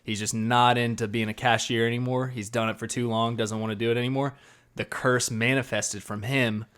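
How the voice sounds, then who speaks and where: A man co-hosting a podcast, trading jokes and excited banter in casual chat. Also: mid-range voice, fairly quick, smooth. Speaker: podcast co-host.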